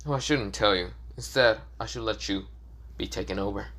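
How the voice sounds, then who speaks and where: A man voicing a smug young male ninja who talks down to others with mocking calm. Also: on the low side, normal speed. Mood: taunting. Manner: taunting, condescending.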